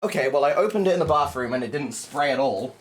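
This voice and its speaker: Exasperated swearing male streamer, lively pitch. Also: quick pace. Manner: exasperated, swears a lot, talks to chat while cleaning. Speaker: livestreamer. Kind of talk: casual livestream chat.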